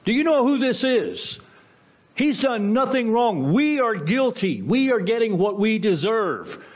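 A man's voice: a little high, big pitch swings, normal speed, warm tone, voice pushed up. A man playing an urgent, pleading repentant thief. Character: repentant crucified male thief, earnest.

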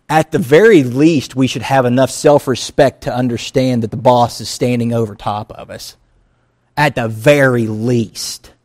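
Man, pastor, sermon, conversational, earnest, mid pitch. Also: a little mellow. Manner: conversational preaching with acted asides.

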